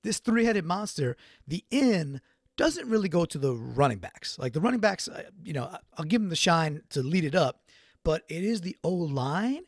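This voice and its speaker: A man's voice: fairly high pitch, sing-song, normal speed, dry recording, clean studio sound. A man hosting a solo sports recap podcast, talking in a casual, rambling way with restarts. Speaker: podcast host.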